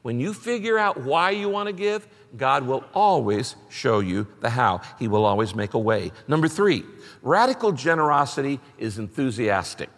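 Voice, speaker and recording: A man's voice: medium pitch, lively intonation, normal speed, fairly bright tone, big-room sound. A middle-aged man preaching a sermon, emphatic and repeating his key phrases as he reads scripture aloud. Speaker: pastor.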